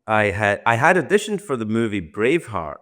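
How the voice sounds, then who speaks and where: A lower-voiced Scottish man in his sixties, talking as a podcast interview guest. He rambles and often restarts his sentences, and he pokes fun at himself as he goes. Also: very animated, brisk, fairly bright tone. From Scotland.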